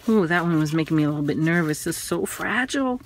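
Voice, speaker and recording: A woman's voice: low voice, expressive, fast, slight background noise. A woman showing fragile old magazines in a casual vlog, exclaiming in awe and handling them carefully. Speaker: vintage craft vlogger. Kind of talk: casual show-and-tell.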